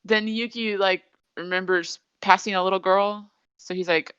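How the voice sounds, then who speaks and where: Woman host recapping a show, smooth clear voice, dry dull lo-fi sound. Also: medium pitch, steady tone, moderate pace, fairly bright tone, no room sound. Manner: chatty storytelling with many fillers. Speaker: podcast host. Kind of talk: casual episode recap chat.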